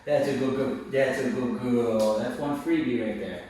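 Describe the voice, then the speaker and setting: A male dog trainer talks through a session, explaining steadily, then lifting into high, sing-song praise for the dog. He sits well back from the mic in a very echoey space, with a faint hiss underneath. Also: moderate pace, darkish tone, recorded from a distance. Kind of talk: hands-on training lesson.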